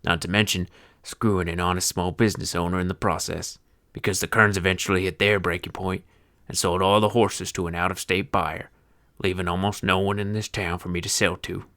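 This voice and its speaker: An actor playing a bitter old horse-feed seller near seventy, who narrates in a deep voice with an old-timey Western twang and talks in a grumbling, sardonic, cursing folksy way. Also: male voice, little pitch movement, a little fast, sharp tone. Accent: old-timey Western American twang. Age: older. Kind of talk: film narration.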